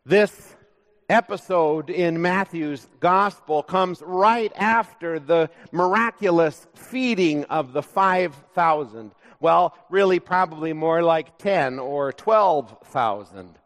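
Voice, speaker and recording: A male pastor preaching a sermon in a church, speaking in a measured, conversational way with light humor. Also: on the high side, expressive. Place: church sanctuary. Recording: long reverb of a large church.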